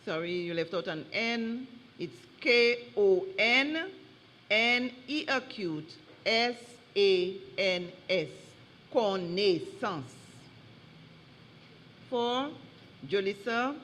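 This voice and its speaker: A woman reading out words slowly and deliberately as a spelling bee pronouncer, correcting wrong spellings. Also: mid-range voice, expressive, a bit bright. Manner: slow and deliberate, drawing out each word. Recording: long hall reverb.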